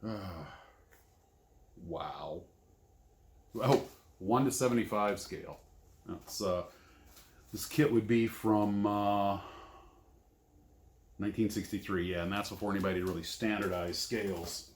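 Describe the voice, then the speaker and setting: A man's voice: fairly low pitch, a little slow, pauses often. A man unboxing scale model kits in casual commentary, rambling and self-deprecating. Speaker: scale model kit reviewer. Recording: echoey room, faint noise.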